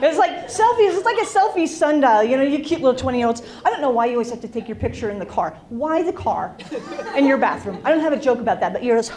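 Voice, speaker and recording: A woman's voice: high-pitched, expressive, fast. A woman from Utah doing a self-deprecating stand-up comedy set on a club stage, teasing the audience. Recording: live club with loud crowd noise.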